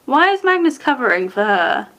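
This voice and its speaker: A woman, casually commenting on a TV episode as she watches, sarcastic and quick to swear and laugh. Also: high-pitched, sing-song, a bit bright. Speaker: TV episode reactor.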